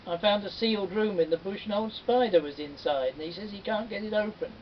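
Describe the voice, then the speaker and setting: A man voicing an eager, helpful young lad in a folktale, chatty and bright. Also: brisk, lightly acted. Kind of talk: folktale storytelling. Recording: dull distant recording with faint rumble.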